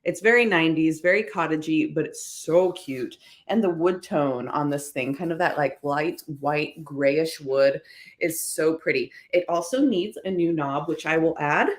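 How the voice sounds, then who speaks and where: A woman's voice: deep voice, a little slow, echoey room. A woman chatting casually and upbeat to viewers about her thrift finds. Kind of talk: casual haul vlog.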